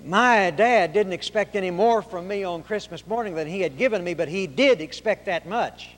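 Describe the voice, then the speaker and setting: A middle-aged man delivers a sermon with folksy emphasis, throwing rhetorical questions at his listeners. His voice sits fairly high for a man. A long reverb trails each phrase, as in a large hall. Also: moderate pace, fairly bright tone. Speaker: preacher.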